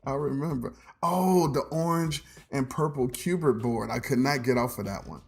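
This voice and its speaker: A man's voice: mid-range voice, moderate pace, creaky, slightly rough. A man in his forties hosting a podcast, talking in a loose, rambling way, with frequent "um"s and laughs. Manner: rambling, laughs often, says "um" a lot. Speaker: podcast host. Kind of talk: casual nostalgic monologue.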